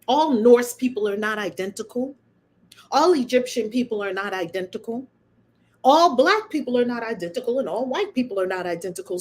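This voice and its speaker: A woman hosting her own channel, giving a casual spiritual monologue in an animated, emphatic and preachy way, often breaking into laughter. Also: a little high. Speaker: channel host and spiritual speaker.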